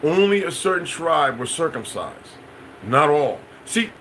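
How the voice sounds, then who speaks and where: A man's voice: on the high side, sing-song, unhurried, fairly bright tone, a little hiss or hum, low-quality recording. A man hosting a livestream, talking in a loose, meandering way, repeating himself and speaking straight to viewers in the chat. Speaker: livestream host. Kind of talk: rambling livestream monologue, answering chat.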